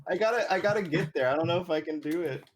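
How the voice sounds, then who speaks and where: A man's voice: a little high, rapid-fire. Laughing, hesitant man co-hosting a chat. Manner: laughs often, hesitant and self-deprecating. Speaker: podcast co-host. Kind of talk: casual group chat.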